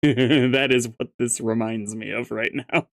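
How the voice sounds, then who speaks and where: A man's voice: mid-range voice, steady tone, a little slow. A man reading a webcomic aloud, with wry, laughing asides. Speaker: webcomic read-along host. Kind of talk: casual read-through commentary.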